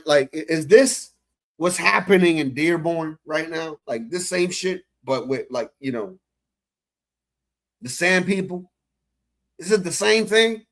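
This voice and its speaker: A man rants in casual reaction commentary, profane and incredulous, sounding thoroughly exasperated. His voice sits a little higher than most men's.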